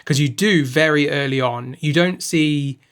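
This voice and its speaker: A man's voice: a little high, a little slow, a bit bright, clean tone. A man co-hosting a podcast, chatting casually about classic films and often restarting his sentences as he thinks aloud. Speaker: podcast co-host. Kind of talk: casual film discussion.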